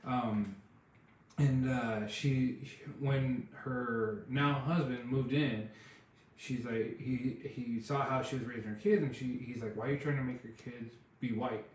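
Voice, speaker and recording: A man's voice: mid-range voice, fairly even intonation, measured pace, slight background noise. Rambling man in a very echoey room. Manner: rambling storytelling with many fillers. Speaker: podcast co-host. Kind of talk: casual chat.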